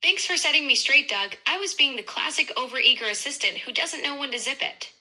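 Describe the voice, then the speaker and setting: Woman's voice, AI assistant, very bright, slightly high, effusive, upbeat. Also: animated, brisk, poor audio. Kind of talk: chatty assistant replies.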